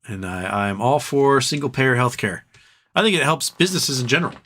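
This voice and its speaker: A man's voice: mid-range voice, expressive, a little fast, bright, forceful tone, slight background noise. A man hosting a casual livestream, reading viewer comments aloud and riffing on them in a loose, joking, profane way. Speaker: livestream host.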